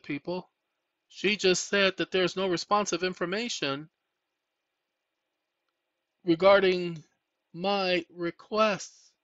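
A man's voice: on the high side, no room sound. A man hosting a casual talk, reading documents aloud and addressing viewers as y'all, with a tired voice from a long session. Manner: animated, rising excitedly, addresses viewers as y'all. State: tired, fatigued voice. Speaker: channel host. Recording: dull, lo-fi home recording.

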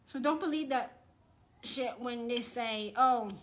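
A woman's voice: a little high, measured pace. A woman who works as a witch and tarot reader, ranting on a livestream in a blunt, profane, indignant way and repeating phrases for emphasis. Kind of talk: live-streamed rant.

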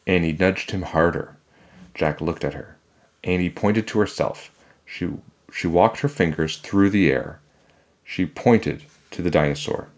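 A man reading a children's chapter book aloud in a calm, measured storytelling manner. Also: sits low.

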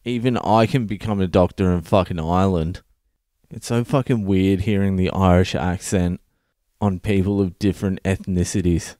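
A man's voice: low-pitched, fairly even intonation, normal speed, warm tone, dry recording, studio quality. Profane man, blunt comic storyteller. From Australia. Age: 30s. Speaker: comedian podcast host. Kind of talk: comedic monologue.

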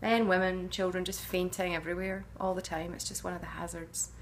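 Gravelly, lowish-voiced actress musing casually. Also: female voice, little pitch movement, fairly quick, slight background noise. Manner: chatty and musing, with frequent hesitations. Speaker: actress answering fan questions. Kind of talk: casual fan Q&A to camera.

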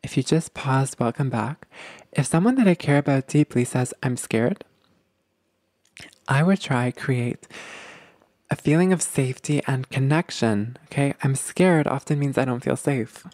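A man's voice: mid-range voice, moderate pace, darkish tone, dry recording. A man hosting a podcast, explaining ideas to his listeners in an earnest, casual way, repeating himself and calling them "guys". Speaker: podcast host. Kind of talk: casual advice podcast talk.

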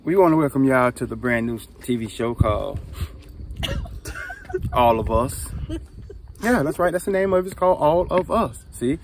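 A man's voice: medium pitch, normal speed, long pauses, recorded from a distance. A man joking and teasing in casual group chat while exploring with friends, with noise of people around. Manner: laughing, teasing, animated. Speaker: paranormal explorer.

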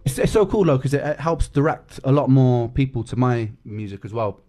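A man's voice: mid-range voice, expressive, brisk, warm tone. A young man talking casually to fans on a live stream, emotional and close to tears, swearing and repeating himself. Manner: emotional, swears, repeats words, says mate and bro. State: tearful.

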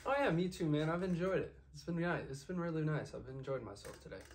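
A man playing a generous young male video star as a podcast guest in a comedy sketch, talking in a relaxed, halting way full of fillers. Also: a little high, a little hiss or hum. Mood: friendly. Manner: laid-back, hesitant, many fillers.

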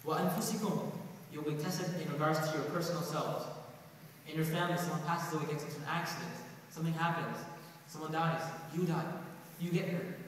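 A man giving a religious lecture to a live audience, talking quickly and conversationally, asking the crowd questions and reciting scripture rapidly. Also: fairly high pitch, steady tone. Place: large echoey hall. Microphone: distant from the recording mic. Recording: distant echoey hall recording with faint hiss.

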